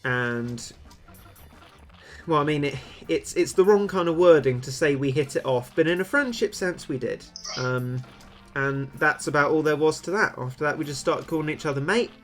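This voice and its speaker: A man's voice: a little high, normal speed, soft background music. Chatty young British man streaming a game. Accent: British English. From Britain. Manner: chatty, rambling, hesitant with many ums. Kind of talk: casual gaming stream chat.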